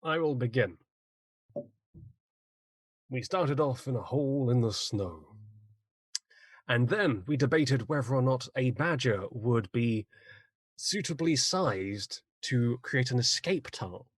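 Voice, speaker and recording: A man with a husky voice recapping a tabletop game session over a video call, with a wry, cheeky manner. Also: medium pitch, lively intonation, takes it slowly, long pauses, no room sound, clean studio sound. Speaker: player.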